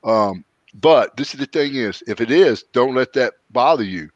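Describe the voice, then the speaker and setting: A man chats casually as a podcast host and slides into loose, folksy stories. The audio is dry and a bit dull, like a low-fidelity recording. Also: moderate pace, dry recording. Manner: folksy, rambling storyteller with lively quoted voices. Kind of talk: casual chat, storytelling.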